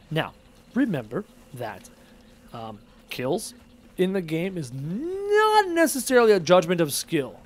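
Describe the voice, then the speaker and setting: A man streaming a game live, chatting and muttering to himself as he plays and reads chat aloud. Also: high voice. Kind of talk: live gameplay commentary, reading chat aloud.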